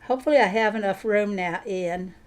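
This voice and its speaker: A woman's voice: medium pitch, brisk. A woman chatting casually while she plays a farming game on stream, thinking aloud and answering viewers. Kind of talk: casual gameplay commentary.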